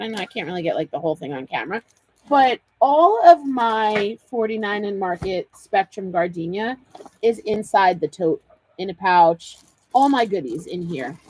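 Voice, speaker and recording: A woman's voice: medium pitch, a little hiss or hum. A woman hosting a live card-making demo, chatty and bubbly, laughing often and greeting viewers by name.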